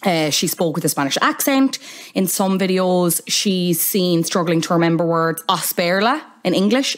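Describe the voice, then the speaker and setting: An Irish woman hosts her podcast in a casual, chatty way. She drops wry little asides as she goes, and her voice sits slightly on the low side. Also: expressive, moderate pace, a little hiss or hum. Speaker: podcast host.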